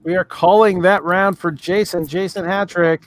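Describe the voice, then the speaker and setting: A man moderating a live comedy debate stream, pausing often with filler sounds. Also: sits high, steady tone, a little hiss or hum. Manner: hesitant, many filler sounds.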